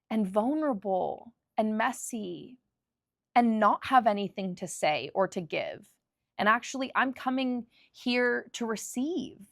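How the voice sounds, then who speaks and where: A young adult woman giving an intimate, heartfelt spiritual monologue, soft and earnest with emotional pauses. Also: mid-range voice, vocal fry, no echo, clean studio sound. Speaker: spiritual channel host.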